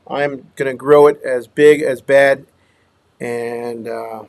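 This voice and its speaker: A man from Minnesota who runs a dumpster rental business chats casually on a livestream, greeting viewers by name and trailing off into mumbles. His mid-range voice is steady and slow. The sound is clean, with no room sound, picked up by a small clip-on microphone.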